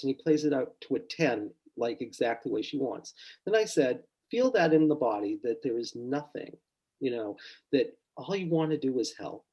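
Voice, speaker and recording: A middle-aged man, a psychotherapist, relaxed and storytelling in a podcast interview, quietly acting out his clients' words. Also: mid-range voice, normal speed, slightly rough, poor audio. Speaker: psychotherapist guest.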